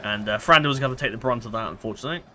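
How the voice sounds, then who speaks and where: Guy commentating a strategy game, bright tone, lots of ums and restarts. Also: medium pitch, racing, a little hiss or hum. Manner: rambling, hesitant, frequent fillers and self-corrections. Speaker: gameplay commentator. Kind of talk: casual let's-play commentary.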